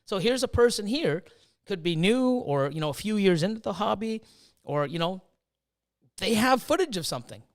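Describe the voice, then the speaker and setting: A man's voice: sits high, sing-song, moderate pace. A middle-aged man hosting a casual chat, swearing freely and acting out his own past reactions. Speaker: host.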